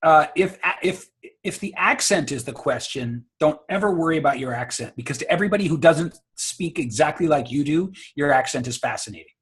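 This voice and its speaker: A man's voice: on the high side, animated, brisk. A man coaching public speaking on a video call, confident and emphatic, often repeating words as he restarts. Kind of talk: casual advice on a video call.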